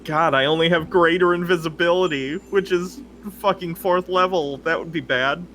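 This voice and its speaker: A man playing a tabletop game, excitable and planning aloud, swearing casually. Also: on the high side, normal speed, slight background noise. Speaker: player.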